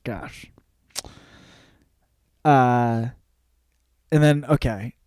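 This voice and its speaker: A young man talks through a classic novel in a loose, profane, conversational way. He slips into quick voices for the characters as he retells the plot. His voice is mid-pitched and close on a dry mic. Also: darkish tone, no echo. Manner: casual, profane, acts out characters' lines. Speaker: podcast host. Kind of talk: casual book review.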